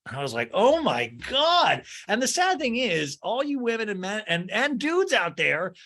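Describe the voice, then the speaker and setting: A man's voice: high-pitched, big pitch swings, normal speed, pushed and bright. A man hosting a casual solo podcast, gossiping and laughing as he recaps, swearing freely and sarcastically mimicking the people he talks about. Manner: sarcastic, mimicking cast members in exaggerated voices. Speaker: podcast host.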